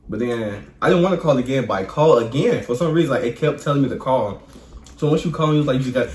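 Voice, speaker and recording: A young man joining a vlog as co-host, telling a story in a relaxed, slangy way with laughs. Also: medium pitch, quick pace. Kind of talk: casual storytelling. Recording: echoey room with faint hum.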